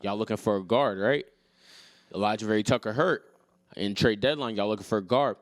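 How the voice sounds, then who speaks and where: A man co-hosts a sports podcast in casual chat, ranting and teasing with lots of energy. His voice sits a little low and sounds dry and close to the mic. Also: brisk, dry recording. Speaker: podcast co-host.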